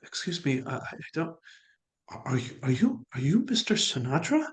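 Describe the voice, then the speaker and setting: A man's voice: fairly high pitch, big pitch swings, moderate pace. A man doing an eager, stammering teenage boy. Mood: pleading. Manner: stammering, pleading. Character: eager nervous teenage boy pleading for a favor.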